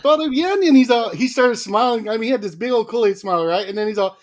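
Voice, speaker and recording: A man co-hosting a casual livestream, lively and quick to laugh as he greets viewers by name. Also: high-pitched. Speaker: livestream co-host.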